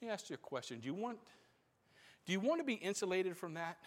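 A pastor with a high voice preaches a sermon to his congregation, repeating key phrases and swelling in force. The voice carries a long reverb from a church sanctuary. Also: very animated, fast talker. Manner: preaching with rising intensity, repeating phrases for emphasis.

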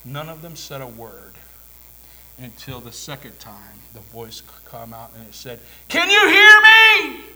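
A man preaching a sermon in a church, swinging between hushed whispers and loud, climactic calls. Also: medium pitch, a little slow, slight background noise, rough recording. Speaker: pastor. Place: church sanctuary.

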